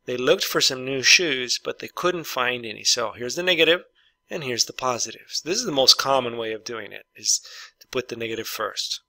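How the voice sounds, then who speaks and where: A man's voice: medium pitch, expressive, moderate pace, vocal fry, sharp tone, no echo. A man teaching an English grammar lesson, patiently walking through example sentences and repeating each one.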